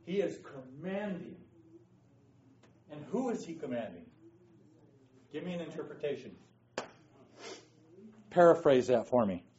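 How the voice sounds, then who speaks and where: With a fairly high but dark-toned voice, a Bible study teacher speaks expressively and unhurriedly, leaving long pauses. He emphatically quizzes his class during an interactive lesson, often asking "okay?". An echoey room, a distant dull mic and slight background noise color the recording.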